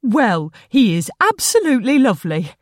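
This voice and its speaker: A woman voicing an excitable woman who gushes over a cat while walking her dog. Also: a little high, moderate pace, dry recording, studio quality, pitched above the performer's own voice. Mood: gushing. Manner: gushing, exclamatory.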